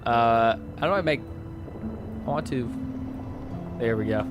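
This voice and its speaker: A man's voice: a little high, lively intonation, unhurried, long pauses, pushed and bright, faint music behind. A man live-streaming, casually reading online posts aloud to his chat and breaking off with sarcastic asides.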